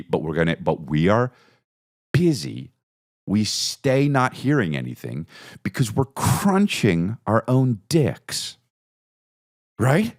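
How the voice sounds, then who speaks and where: A man hosting a podcast, telling a comedic story and acting out his own and others' lines with big jumps in his voice. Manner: animated, acts out quotes with big pitch jumps. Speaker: podcast host.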